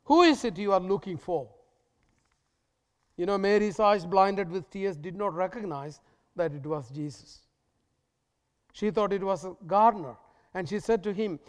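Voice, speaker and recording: High-voiced man preaching in a hall. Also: clear, resonant tone. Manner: emphatic, repetitive preaching with dramatic pauses. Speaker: pastor. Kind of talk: sermon.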